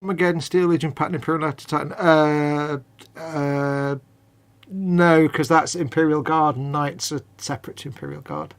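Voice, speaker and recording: A man from the UK co-hosting a live stream, explaining hobby details in a relaxed, plain way. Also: fairly high pitch, normal speed. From United Kingdom. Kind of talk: casual live-stream chat.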